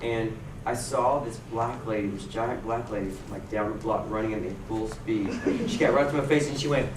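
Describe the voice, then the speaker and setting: A man, an actor on a convention panel, telling casual stories in an expressive, swinging delivery. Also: normal speed. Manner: expressive, swings from low mumble to loud laughing bursts. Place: convention hall. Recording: echoey hall, distant mic, loud background noise.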